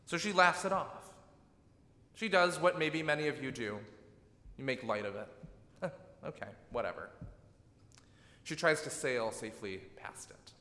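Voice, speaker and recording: A man delivers a sermon with a bright, ringing voice. He sounds reflective and gently emphatic, and often asks "right?" to draw listeners in. The room around him is echoey, with a long reverb tail. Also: fairly high pitch, measured pace, pauses often. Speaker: pastor. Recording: echoey hall.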